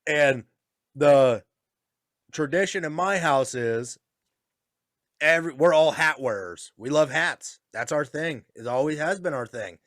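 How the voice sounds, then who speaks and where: A man's voice: fairly high pitch, animated, measured pace, a bit bright, no echo, studio quality. A man telling crude hunting stories in a casual chat, laughing often and mimicking a stern father. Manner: crude, laughing storyteller, mimics his serious dad. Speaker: podcast co-host.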